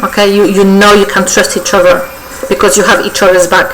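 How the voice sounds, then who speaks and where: A woman's voice: medium pitch, level tone, fairly quick, background noise. A woman giving a weekly tarot reading to her viewers, effusive and coaxing, often checking in with "okay?" and repeating herself. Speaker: tarot reader. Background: faint birdsong.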